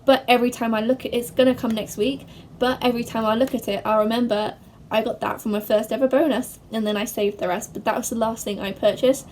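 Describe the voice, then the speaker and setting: A young woman from England answering viewer questions in a chatty, bubbly way, speeding up when she gets excited. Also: on the high side, fast talker, a little hiss or hum. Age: young adult. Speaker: vlogger. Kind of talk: casual to-camera Q&A.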